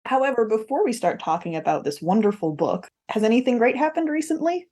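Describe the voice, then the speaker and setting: A woman hosting a book podcast, upbeat and quick to laugh. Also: a little high, big pitch swings, warm tone. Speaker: podcast host. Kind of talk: casual chat.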